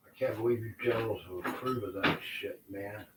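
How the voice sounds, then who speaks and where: A man with a very low voice rants in an agitated, profane ramble, sometimes trailing off into mutters. He talks into a handheld phone in his kitchen, and the recording carries a clear hiss of noise behind him. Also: a little fast. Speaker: vlogger. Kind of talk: unscripted rant to camera. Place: home kitchen, indoors.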